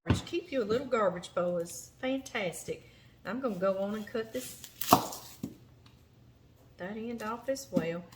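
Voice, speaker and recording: Woman with a Louisiana accent, folksy cooking host, slow unhurried delivery, knife clatter in the background. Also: medium pitch. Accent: Southern US, Louisiana. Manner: chatty, folksy, talks to the vegetables. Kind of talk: cooking demonstration. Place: home kitchen. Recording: chopping and kitchen noise behind.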